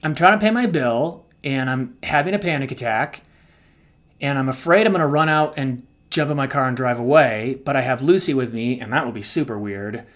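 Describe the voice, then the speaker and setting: A man's voice: mid-range voice, brisk. Emotional, confessional man co-hosting. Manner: emotional and confessional, swings between soft and loud. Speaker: co-host. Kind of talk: candid podcast conversation.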